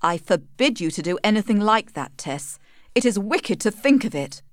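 Stern young husband, formal and earnest, read by a woman, higher pitched than her narration, dry studio sound. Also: lively intonation, unhurried, no room sound. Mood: commanding.

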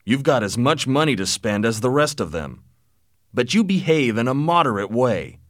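A man voicing a blunt, wealthy old father who lectures his son forcefully, in a lively but dry-sounding reading. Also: medium pitch, moderate pace, no room sound.

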